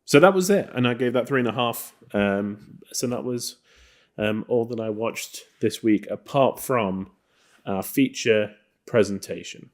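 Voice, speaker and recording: A man's voice: medium pitch, measured pace. A man co-hosting a film podcast, chatting casually about old movies with a loose, rambling manner and lots of fillers. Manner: relaxed, rambling, many fillers. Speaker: podcast co-host. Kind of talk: casual film review chat.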